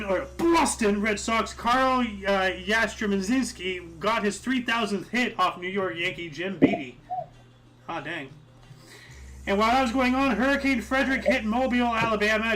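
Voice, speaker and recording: A high-voiced man co-hosting a relaxed history talk show, joking and often laughing as he reads out events from the past. Faint music plays underneath his voice. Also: poor audio. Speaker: podcast co-host. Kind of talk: casual history chat.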